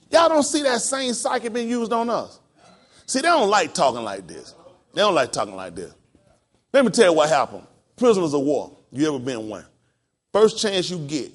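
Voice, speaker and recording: High-pitched, animated preaching man. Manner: emphatic preaching, firing questions at the congregation. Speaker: pastor. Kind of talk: sermon. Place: house of worship.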